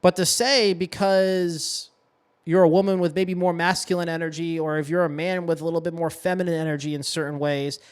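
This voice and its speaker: A young adult man from Massachusetts, a podcast host and coach delivering an impassioned, preachy monologue with emphatic stress and blunt swearing. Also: fairly high pitch. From Massachusetts, USA. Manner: preachy, emphatic, with profanity and self-corrections.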